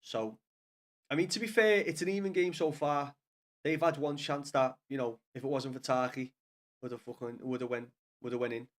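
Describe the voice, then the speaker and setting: A man's voice: medium pitch, fairly even intonation, normal speed. A man with a Scouse accent giving sweary, frustrated live commentary to viewers as he watches a football match from a small home studio. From Liverpool, England.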